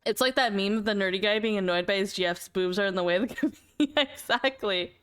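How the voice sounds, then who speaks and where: A woman's voice: medium pitch, fast, fairly bright tone, clean tone. A young woman livestreamer chatting casually with her viewers, giggling often and repeating words as she talks. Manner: giggly, laughs often between sentences. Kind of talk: casual chat with stream viewers.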